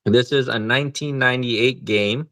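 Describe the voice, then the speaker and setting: A man's voice: mid-range voice, normal speed, a bit bright, no echo. A man co-hosting a podcast, chatting casually about video games in a laid-back way and swearing freely. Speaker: podcast co-host. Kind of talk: casual gaming chat.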